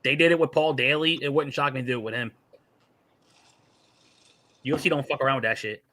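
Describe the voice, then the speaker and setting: A man with a mid-pitched, very bright, sharp voice, hosting a sports podcast. He is laid-back and full of slang. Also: fairly quick. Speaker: podcast host. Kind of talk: casual sports talk.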